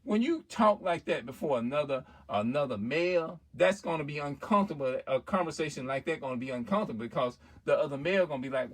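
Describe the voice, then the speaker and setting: A man's voice: fairly high pitch, expressive, fast, few pauses. A man in a casual, rambling monologue as a vlogger, restarting sentences and often asking "you know what I'm saying?".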